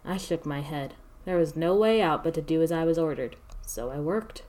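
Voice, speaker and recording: Woman with a low voice telling a story. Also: moderate pace, dark tone. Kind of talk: first-person story narration.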